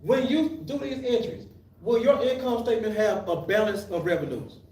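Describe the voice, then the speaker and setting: High-pitched male teacher in an echoey room. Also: animated, normal speed, a little mellow. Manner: asks the class questions and answers them himself, restarts often. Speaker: accounting teacher. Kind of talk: live classroom lecture. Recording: echoey room, mic at a distance.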